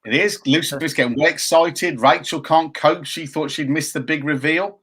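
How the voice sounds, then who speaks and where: A man's voice: a little high, normal speed, fairly bright tone, breathy edge. Guy, 50s, cohosting a chatty live show, reads comments, cracks jokes. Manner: chatty, reads viewer comments aloud, jokey. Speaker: co-host. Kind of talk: casual live chat show.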